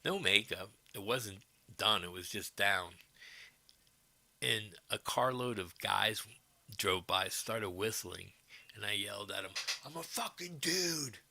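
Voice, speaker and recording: A middle-aged man chatting loosely with his livestream viewers from home, his low voice gravelly and edged with a sharp, forceful bite. He drifts from story to story and stops to answer the chat. The sound is close and dry. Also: steady tone, takes it slowly, no echo. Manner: rambling, answers chat comments as he goes. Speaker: livestream host.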